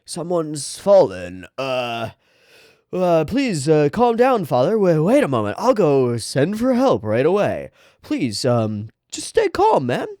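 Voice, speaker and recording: A timid young prison guard who dithers and stammers in a thin, squeaky voice, as a man reading a manga aloud puts him on. His pitch leaps well above a normal speaking voice and bounces around, recorded dry and close. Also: huge pitch swings, takes it slowly, a little mellow, no echo, exaggerated voice. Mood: nervous. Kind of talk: dramatic manga read-aloud.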